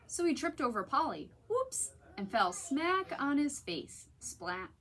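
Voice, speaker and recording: Woman librarian at story time, lively voice and fairly high pitch. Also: measured pace, few pauses, a little hiss or hum. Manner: animated, talks to children directly. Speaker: children's librarian. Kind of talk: picture-book story time read-aloud.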